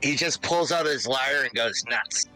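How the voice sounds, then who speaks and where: A man's voice: mid-range voice, measured pace, sharp tone, soft background music, low-quality recording. A man playing in an online tabletop game, playfully and theatrically describing his character's actions. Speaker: player.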